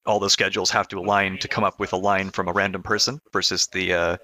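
A man talking as a game-developer guest on a podcast, in a relaxed, hesitant way and laughing often. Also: low-pitched, fast. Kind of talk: casual podcast chat.

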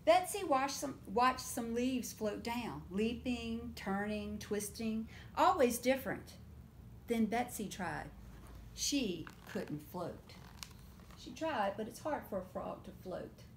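A woman reading picture books aloud at story time, animated and stopping often to ask the children questions. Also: on the high side, slow, slight background noise. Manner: animated, asks children questions and invites them to join in.

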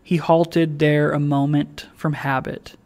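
A man on a library staff reading a classic novel aloud in a slow, measured narration. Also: fairly high pitch, little pitch movement, darkish tone.

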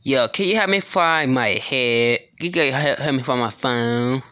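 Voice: mid-range voice, a little slow, no room sound. A person performing an improvised comedy skit, rambling and stumbling over words as they talk. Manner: animated, talking to followers. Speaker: skit creator.

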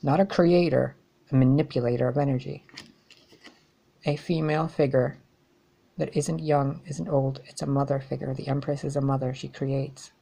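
Gravelly, blunt woman tarot reader. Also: a bass voice, fairly even intonation, normal speed, warm tone. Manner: blunt, exasperated, swears freely. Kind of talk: blunt tarot reading monologue.

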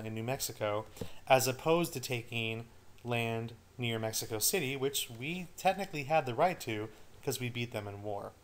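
A male history teacher giving a recorded study-guide lecture, casual and joking with his students. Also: mid-range voice.

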